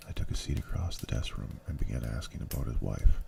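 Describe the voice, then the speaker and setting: A man reads a novel aloud in a slow, low ASMR style, his voice extremely deep and full of vocal fry. Keyboard clicks come through clearly behind him. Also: expressive, dark tone, far from the mic, a little hiss or hum. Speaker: ASMR channel reader. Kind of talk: ASMR audiobook reading.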